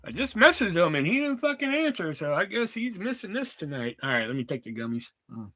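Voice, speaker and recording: A young man hosting a livestream, telling casual stories in an animated, profane way and acting out quotes. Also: high-pitched, fairly quick. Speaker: livestream host. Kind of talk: casual storytelling chat.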